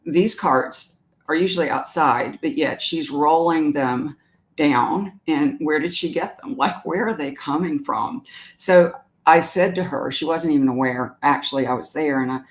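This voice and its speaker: A woman's voice: sits low, measured pace. A woman with a Southern US accent hosts a live stream. She talks in a chatty, meandering way, reads viewer comments aloud and wanders into everyday stories. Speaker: animal communicator hosting a live stream. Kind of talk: casual live-stream talk.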